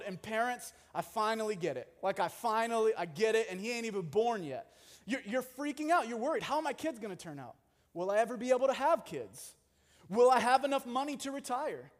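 Young male pastor, very high voice, chatty jokey sermon, long hall reverb. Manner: conversational, animated, jokey asides.

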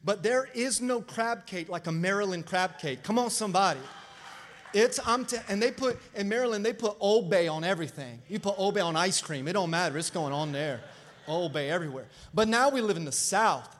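A man preaching a lively sermon as pastor, calling out to the congregation for responses. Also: high-pitched, fairly quick, a little hiss or hum. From Florida. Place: church sanctuary.

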